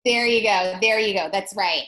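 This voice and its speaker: A woman instructor teaching an online presentation workshop over a video call, speaking in a direct and energetic way with frequent restarts. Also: medium pitch, normal speed, reverberant, rough recording.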